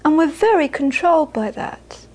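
A woman's voice: high voice, animated, moderate pace, darkish tone, poor audio. A woman, a Buddhist teacher, giving a dharma talk to a live audience with anecdotes, frequent laughter and repeated phrases for emphasis.

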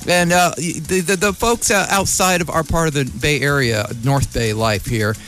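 A community radio host from California's North Bay rambles through a casual, joking monologue, mocking other people's voices. His voice is fairly high and fairly bright, at a moderate pace. Soft music plays in the background.

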